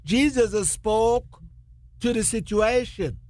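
A radio co-host teaching from the Bible in a lively, laughing way, using non-standard English grammar. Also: medium pitch, slow. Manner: animated, laughs often, retells scripture dramatically.

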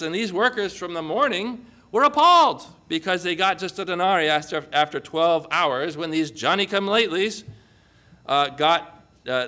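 A man preaching a sermon, telling a story vividly and drawing his listeners in with questions. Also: high voice. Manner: animated storytelling with vivid dramatizing. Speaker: pastor.

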